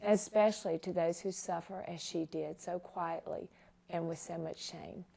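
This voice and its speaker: A woman's voice: lowish voice, fairly even intonation, moderate pace, creaky, warm tone. Tearful woman hosting a faith talk show. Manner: emotional, tearful while honoring her guest.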